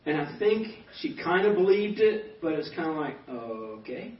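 A man's voice: high-pitched, normal speed. Fifty-ish guy pastor telling stories, acts out the dialogue, kinda far from the mic. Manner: animated storyteller acting out quoted dialogue. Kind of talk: personal testimony speech. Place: banquet hall. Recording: echoey hall, distant dull mic.

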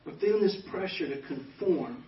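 Man telling a lively personal testimony. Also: on the high side, normal speed, slight background noise. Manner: animated storytelling with self-deprecating humor. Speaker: pastor. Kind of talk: personal testimony to a banquet audience. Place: banquet hall. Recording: echoey hall, distant mic, dull sound.

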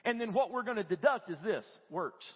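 A man preaching a lively, conversational sermon in a church and acting out what people say. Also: high-pitched, a little fast, slightly rough. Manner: animated, conversational, acts out quoted voices. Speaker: guest preacher. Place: church sanctuary. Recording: dull lo-fi audio with long church reverb.

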